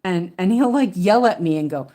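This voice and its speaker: A woman's voice: mid-range voice, animated, normal speed, mellow. A woman chatting casually at home as she stitches, rambling with many fillers and restarts and muttering to herself as she checks her work. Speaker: cross-stitch vlogger. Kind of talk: casual chat while stitching.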